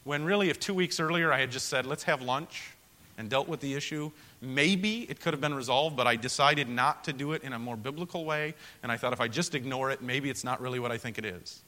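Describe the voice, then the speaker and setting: A man preaching to fellow pastors in an earnest, storytelling manner, swinging from loud emphasis to quiet confession. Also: medium pitch, a little fast, in a large hall. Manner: earnest, storytelling, rises loud for emphasis then drops soft. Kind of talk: sermon to pastors.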